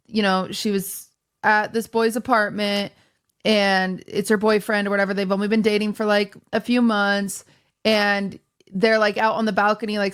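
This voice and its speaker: A woman's voice: mid-range voice, clean tone. A woman hosting a podcast in casual chat, telling stories with animation and acting out the quotes. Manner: animated storyteller, acts out quotes. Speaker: streamer and podcast host.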